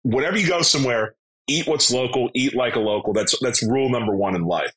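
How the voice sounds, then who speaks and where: A man co-hosting a laid-back podcast from a remote call. His voice is bright and forceful, sitting at a middling pitch. He tells stories with animated, blunt energy and swears freely. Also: a little fast, poor audio. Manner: animated storyteller, blunt and profane. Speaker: podcast co-host. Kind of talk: casual podcast chat.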